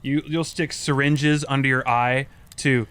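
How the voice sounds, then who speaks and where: A man interviewing a guest, asking questions with halting restarts and self-deprecating jokes. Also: mid-range voice, fairly even intonation, fairly bright tone, clear, resonant tone. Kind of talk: casual interview.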